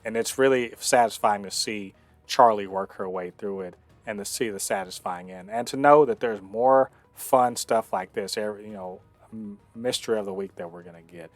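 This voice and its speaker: A man hosting a casual TV review, talking with many fillers and restarts but clear enthusiasm. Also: fairly low pitch, normal speed, no echo, faint music behind. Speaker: show host reviewing a TV episode.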